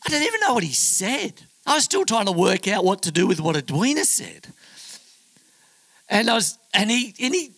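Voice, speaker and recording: A man's voice: high-pitched, very animated, normal speed, fairly bright tone, dry recording, rough recording. A middle-aged man preaching a sermon, telling a story in a chatty, humorous way and acting out the other people's voices. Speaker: pastor.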